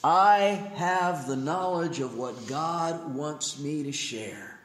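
A male pastor preaching a sermon in an animated way, his pitch swinging up and down as he acts out quotes. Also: takes it slowly. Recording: echoey room.

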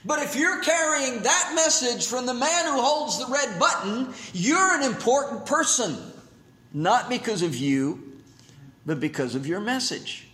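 High-voiced animated preacher man. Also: unhurried. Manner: animated, pitch swings up and down, acts out quotes. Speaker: pastor. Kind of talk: sermon. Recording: echoey room.

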